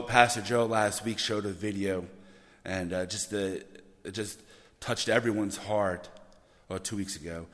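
A man preaching a sermon, animated and often repeating words as he builds to loud emphasis. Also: sits low. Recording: long reverb of a church hall.

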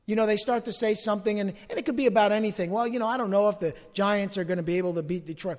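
High-voiced animated pastor in a reverberant hall. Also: male voice, quick pace, hardly any pauses. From Northeast US, Italian-American home. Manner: animated, acts out quoted arguments, swings from loud to hushed. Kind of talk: sermon.

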